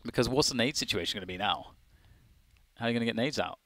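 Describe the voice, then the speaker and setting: A man's voice: medium pitch, expressive, fast, a bit bright, dry recording. Chatty male esports analyst. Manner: chatty, thinking aloud. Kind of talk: color commentary.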